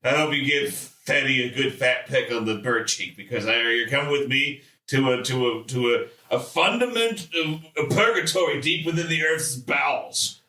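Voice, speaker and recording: A man's voice: mid-range voice, normal speed, few pauses, sharp tone. A man playing in a tabletop game, bantering in a playful, hammy way. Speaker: player. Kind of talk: casual tabletop game play. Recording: roomy, distant mic.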